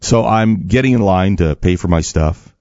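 A man's voice: low-pitched, normal speed, no echo, lo-fi sound. A man hosting a morning radio show, reading an ad and telling stories with lots of vocal play. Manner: animated storyteller, acts out voices. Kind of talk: radio morning show chat and live-read ad.

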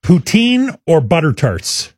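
A man's voice: fairly high pitch, slow pace, breathy edge, no echo, studio quality. A man hosting a casual chat, quizzing his guest and laughing along. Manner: lively, laughing quizmaster. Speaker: host.

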